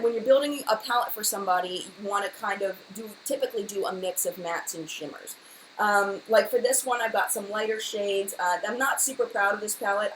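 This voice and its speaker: A woman in her thirties hosting a live stream, answering viewers in a fast, rambling, chatty way with many fillers. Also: mid-range voice, slight background noise, rough recording. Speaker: beauty channel host.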